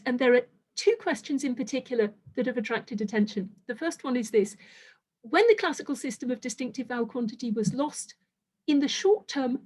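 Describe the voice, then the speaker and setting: High-voiced woman giving an academic lecture. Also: a little mellow. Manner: measured, precise, carefully qualified.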